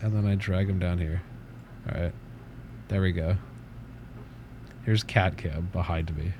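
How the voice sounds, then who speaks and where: A man's voice: deep voice, steady tone, a little slow, noisy background. A man hosting a casual livestream from his desk at home, rambling, swearing offhandedly and cooing at his cat. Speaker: livestream host.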